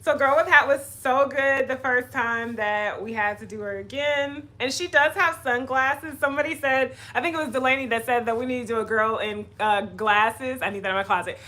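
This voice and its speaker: A woman's voice: sits high, normal speed, hardly any pauses, pushed and bright. A woman from Florida co-hosting a live stream in casual chat, giggly and agreeable, chiming in with short replies.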